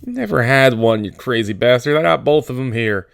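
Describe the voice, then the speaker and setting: A man voicing a small, irritable male ranch hand who scolds in a gruff, exasperated way. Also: mid-range voice, animated, brisk, no room sound, studio quality. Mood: scolding.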